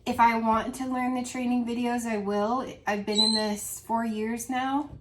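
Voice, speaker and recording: Over a very noisy recording, a woman's higher-pitched voice comes through with a level tone and a measured pace. A vlogger and mother of a grown daughter, she rambles earnestly and emotionally in a casual heart-to-heart about selling home fragrance.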